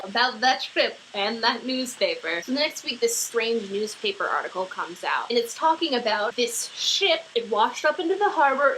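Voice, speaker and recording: A curious young woman vlogger, played by an actress, tells her story in a chatty way. Her voice sits a little high and sounds bright and forceful. A faint hiss lies under the recording. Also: low-quality recording. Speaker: vlogger character. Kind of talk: scripted casual vlog.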